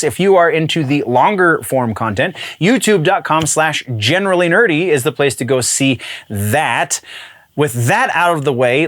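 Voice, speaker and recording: Lively casual male news host. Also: a little high, no echo, studio quality. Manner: chatty and loose, with frequent fillers and self-corrections. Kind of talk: casual solo news commentary.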